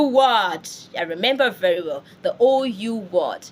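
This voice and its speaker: A woman's voice: mid-range voice, lively intonation, takes it slowly. A woman teaching French pronunciation online, drilling words and laughing often. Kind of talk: online language lesson.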